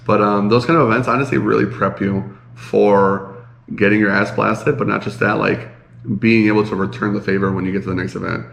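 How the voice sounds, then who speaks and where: A man's voice: lowish voice, fairly even intonation, a little fast, creaky, a bit bright, roomy sound. A man co-hosting a casual podcast, sounding congested and nasal, rambling with lots of fillers. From Chicago area. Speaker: podcast co-host. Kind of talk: casual chat.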